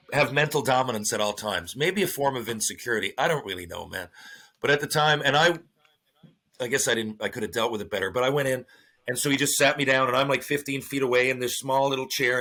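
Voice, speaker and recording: A middle-aged man, a former hockey player, telling stories as a podcast guest in a lively, profane way, acting out what others said. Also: mid-range voice, brisk. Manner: animated storyteller, swears freely, acts out quotes. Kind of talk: casual storytelling interview.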